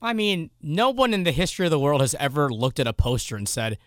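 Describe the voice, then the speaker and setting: A man's voice: a little high, very animated, fast talker, fairly bright tone, no echo. A man chiming in as co-host with dry, wry asides. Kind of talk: talk show banter.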